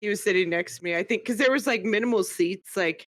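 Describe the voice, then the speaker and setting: A woman co-hosting a podcast in casual chat, animated and teasing, filling her talk with "like". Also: medium pitch, fast talker, no echo, clean studio sound. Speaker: podcast co-host.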